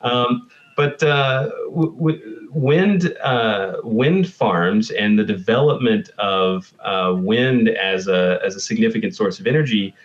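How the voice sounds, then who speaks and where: A man's voice: lowish voice, slow pace, lo-fi sound. A man answering interview questions about the climate, thoughtful and hesitant with many fillers. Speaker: climate scientist guest. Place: Texas.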